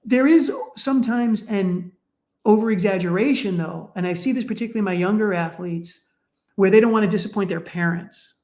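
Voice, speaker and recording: A middle-aged man, a sports psychologist guest, speaking in a conversational, animated way and acting out the people in his stories. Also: brisk. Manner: animated, acts out quoted parents with raised pitch. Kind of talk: conversational storytelling.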